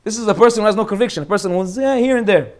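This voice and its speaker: A man teaching an informal Torah class as a rabbi, animated and joking as he acts out the people in his stories. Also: high voice, rapid-fire.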